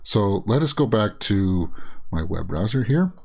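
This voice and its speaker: A man's voice: fairly low pitch, lively intonation, unhurried, vocal fry, darkish tone. A man hosting a casual movie news show, rambling through reactions with many fillers and frequent chuckles. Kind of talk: casual commentary while browsing and reading tweets.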